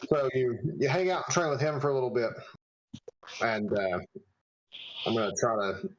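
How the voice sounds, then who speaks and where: A man's voice: mid-range voice, expressive, moderate pace, highs cut off. A man running a tabletop game as game master, narrating scenes in a loose way, full of fillers and frequent chuckles.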